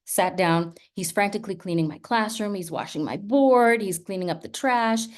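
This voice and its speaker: A woman's voice: mid-range voice, normal speed. A woman who teaches, giving a talk full of stories and often checking in with her listeners. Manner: lively storytelling with frequent "right?" asides. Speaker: teacher and speaker. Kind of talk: storytelling talk.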